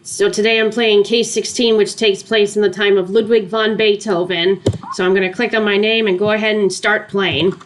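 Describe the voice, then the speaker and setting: A woman's voice: medium pitch, little pitch movement, normal speed, slight background noise. A woman casually chatting over a video game walkthrough, with jokey asides. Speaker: gameplay commentator.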